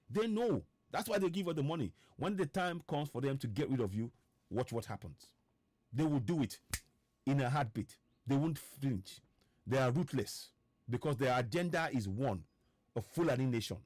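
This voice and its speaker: A man with a Nigerian accent delivers a fiery broadcast in a fairly high voice, hammering the same questions over and over and stumbling into restarts. The sound is close and dry, with no room around it. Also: animated, a little fast, no echo. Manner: fiery, repeats rhetorical questions, stammering restarts. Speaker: political activist host. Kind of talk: impassioned online broadcast.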